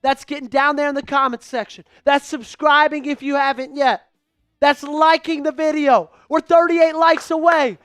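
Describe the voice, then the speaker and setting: A man calling a game live for an online fan stream, hyped and pleading with his viewers, rising to shouts at big plays. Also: extremely high pitch, steady tone, moderate pace, no echo, clean studio sound, soft background music. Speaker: fan livestream play-by-play host. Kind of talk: excitable live play-by-play commentary.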